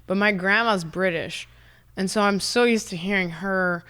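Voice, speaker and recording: A woman's voice: mid-range voice, moderate pace, a bit bright, smooth. A woman from San Diego, a podcast guest chatting casually and telling rambling stories full of swearing and laughter in a studio. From San Diego, California. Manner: rambling, swearing storyteller who laughs often. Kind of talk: casual chat.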